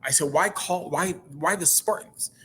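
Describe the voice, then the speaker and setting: A man's voice: a little high, moderate pace, a bit bright, slight background noise. A man speaking as a guest in a casual interview, earnest and often repeating and restarting his words.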